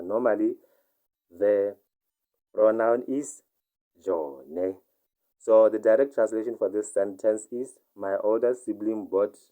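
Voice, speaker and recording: Slow, deep-voiced male language teacher. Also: mellow, rough recording. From Botswana. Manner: says each example sentence twice, then translates it. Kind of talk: online language lesson.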